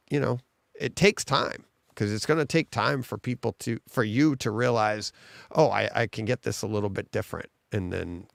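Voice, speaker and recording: Gravelly-voiced man co-hosting a chat show. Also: fairly low pitch, no room sound. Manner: laughs often, animated when excited. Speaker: podcast co-host. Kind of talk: casual chat.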